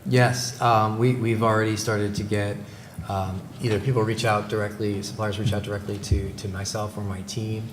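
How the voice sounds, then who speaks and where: A man presents formally at a public meeting on behalf of a company's supplier outreach, speaking into a table mic in an echoey room with background noise and faint music. His voice is fairly low and flat, at a moderate pace. He's hesitant, with many fillers and restarts.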